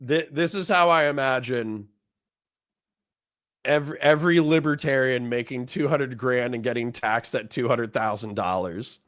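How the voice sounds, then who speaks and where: A man's voice: mid-range voice, moderate pace, fairly bright tone, dry recording, studio quality. A man hosting a casual political debate stream, laughing hard and apologizing again and again. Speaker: streamer host.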